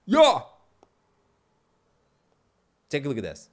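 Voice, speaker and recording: A man's voice: fairly high pitch, huge pitch swings, slow pace. Angry cursing man ranting on a live stream. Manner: profane, emphatic, non-native phrasing. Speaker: livestream host. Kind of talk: heated off-the-cuff rant.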